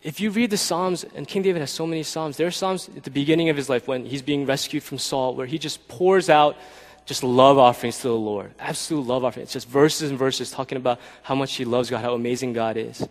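A man preaching a sermon as pastor, talking in a conversational way and often checking in with the listeners with a quick "right?". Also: medium pitch, in a large hall. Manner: conversational, keeps asking "right?".

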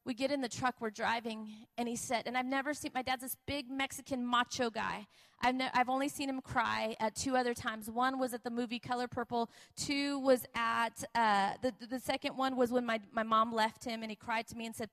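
Woman preacher, high-pitched voice, emphatic, repetitive, animated testimony sermon. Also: brisk. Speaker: preacher and missionary.

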